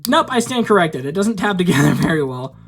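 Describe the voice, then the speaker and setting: A woman's voice: on the low side, very animated, a little fast, soft background music. A woman casually reviewing toys from her collection to camera, rambling, laughing often and swearing casually. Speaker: toy collector reviewing figures.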